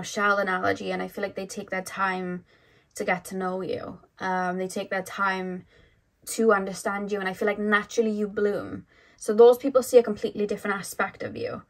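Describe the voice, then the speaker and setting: A woman giving a pick-a-card tarot reading to camera. She muses sympathetically and rambles, with lots of "like" and "um". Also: mid-range voice. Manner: rambling, full of "like" and "um" and restarts; intuitive, sympathetic musing. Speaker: tarot reader.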